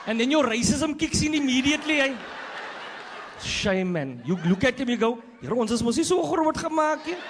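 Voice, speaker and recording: A man with a South African accent doing a stand-up comedy routine, energetic and punching his lines up with loud bursts. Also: very high voice, noisy background.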